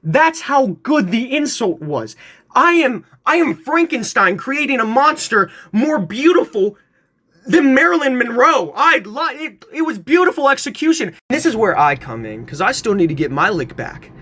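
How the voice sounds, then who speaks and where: A man's voice: very high-pitched, big pitch swings, moderate pace, bright, forceful tone. A man in his twenties telling a funny family story to his phone camera in a playful, theatrical way, acting out the other people in it. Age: 20s.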